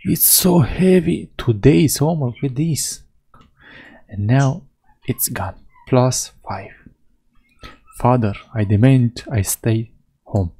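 In a low-quality recording, a European man with a mid-range, mellow voice with a breathy edge speaks slowly and pauses often. He hosts Let's Play commentary, playfully reading the game's lines aloud in mock voices.

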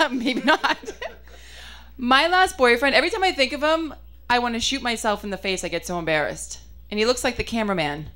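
A young woman doing a stand-up comedy set in a slightly high voice. She talks in a chatty, self-mocking way and lands her lines with punchy asides. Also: very animated, normal speed, pushed and bright.

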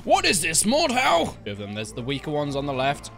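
A young man talks over his own gameplay in a lively, bouncing voice that keeps leaping up high when the action gets hectic. He is jokey and excitable. Faint game music sits low behind him. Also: fairly quick, creaky. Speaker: gaming YouTuber. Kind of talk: live gameplay commentary.

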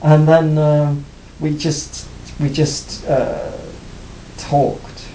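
A man being interviewed about his music career, talking reflectively with many pauses and restarts. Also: little pitch movement, warm tone. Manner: hesitant, many restarts and "you know". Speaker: interviewee, former band cellist. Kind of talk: reflective casual interview talk. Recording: roomy, faint rumble.

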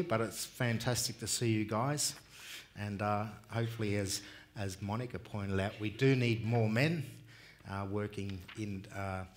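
A music and dance workshop leader guides a conference audience through a call-and-response song, upbeat and encouraging as he calls out lines and sings examples. His voice is mid-range, with slight background noise.

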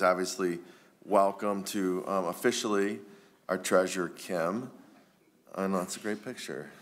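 A man giving rambling, friendly remarks with many fillers at a township board meeting. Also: low voice. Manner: warm, rambling, many ums.

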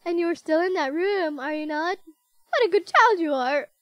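A young woman voicing a gentle, motherly goat monster who talks slowly and politely, with music playing behind her. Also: very high-pitched, animated, no echo.

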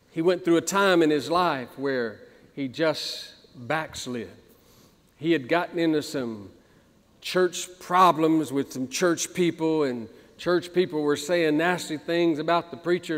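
A man's voice: sits high, big-room sound. A male pastor preaching a sermon, emphatic and repetitive, building to fervent appeals in a church. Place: church sanctuary.

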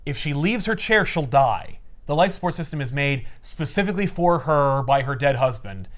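A man casually recapping a comic book with friends, acting out the characters in quick voices. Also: on the high side, lively intonation. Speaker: comic podcast co-host.

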